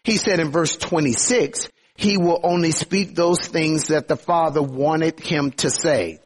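A man preaching a sermon as a pastor, earnest, slowing down to stress points and rising in fervor as he urges his listeners. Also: on the high side, husky.

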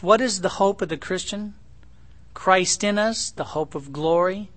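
A man's voice: a little high, normal speed, a bit bright. A middle-aged man, a pastor, teaching through a Bible passage verse by verse in a folksy, conversational way, tossing rhetorical questions to his listeners.

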